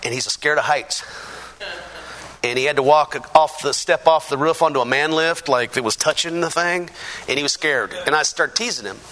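Man, middle-aged, church testimony, slightly high voice, self-mocking storyteller. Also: normal speed. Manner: lively, self-mocking storyteller who acts out quotes.

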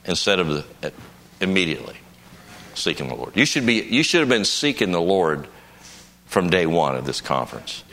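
An older man gives a conference sermon in a deep voice that sounds pushed and bright. He tells a folksy story from his own life and breaks into bursts of emphasis.

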